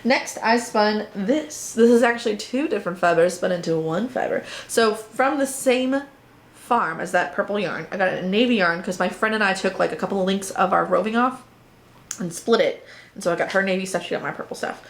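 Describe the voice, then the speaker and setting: A woman's voice: medium pitch, fairly quick. Chatty woman hosting a crafting vlog. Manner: chatty, playful asides and jokes to viewers. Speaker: knitting podcast host. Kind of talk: casual show-and-tell chat.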